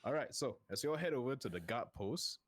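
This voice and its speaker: A man's voice: mid-range voice, lively intonation, fast talker. A man narrating as game master of a tabletop game, easygoing and laughing often.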